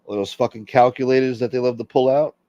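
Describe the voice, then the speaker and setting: A man's voice: medium pitch, fairly even intonation, fast talker, dark tone, no echo, dull audio. A man hosting a casual livestream, reading out chat and rambling crudely with lots of swearing.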